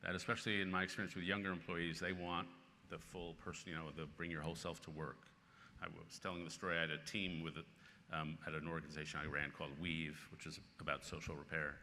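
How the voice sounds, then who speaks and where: Sixties guy telling stories at a conference, crisp bright voice, long hall echo, bit of hiss. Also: a bass voice, fast talker. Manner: lively anecdotal storytelling with bursts of laughter. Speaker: featured speaker, columnist. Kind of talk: conference Q&A answer. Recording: long reverb in a large hall with faint noise.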